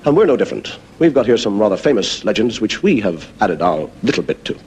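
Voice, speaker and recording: A male comedian telling a long joke in a leisurely, animated stand-up monologue. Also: lowish voice, a little fast, slight background noise, rough recording.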